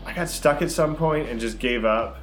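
A man's voice: a little high, normal speed, fairly bright tone. A man co-hosting a podcast, easygoing and casual, often giving short agreeing replies. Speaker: podcast co-host. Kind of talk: casual chat. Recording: echoey room with faint music.

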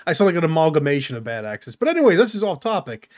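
A male podcast host chatting casually, rambling through his points with an animated, easy laugh. His voice sits a little higher than most men's. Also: rapid-fire. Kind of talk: casual chat.

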